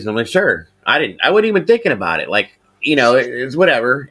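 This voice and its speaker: A middle-aged man hosting a casual podcast, telling a rambling, profane story and getting animated when he quotes people. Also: medium pitch, a little fast, few pauses. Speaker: podcast host.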